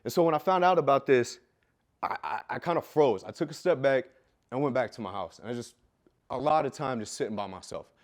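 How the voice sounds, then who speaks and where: A man telling a raw personal story with heavy swearing, dropping low and quiet, then bursting out loud. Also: lively intonation, fairly quick. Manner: profane, intense, swings from quiet to loud; loud, self-described. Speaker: fitness business coach telling his life story.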